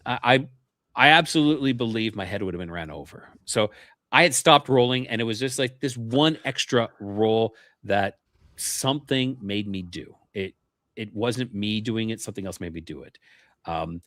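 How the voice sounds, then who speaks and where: A man's voice: on the low side, normal speed, sharp tone, dry recording, studio quality. A man guesting on a paranormal interview show, telling his experiences earnestly and often restarting his sentences. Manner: earnest, repeats words when starting sentences. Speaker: podcast guest.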